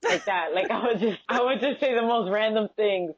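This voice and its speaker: A woman with a Bronx Dominican accent, a native Spanish speaker, chatting as an interview guest at a mid pitch. She tells her stories with energy and acts out the other voices in them. The recording sounds dull and lo-fi. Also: a little fast. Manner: animated storyteller, acts out quoted exchanges. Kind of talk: casual interview chat.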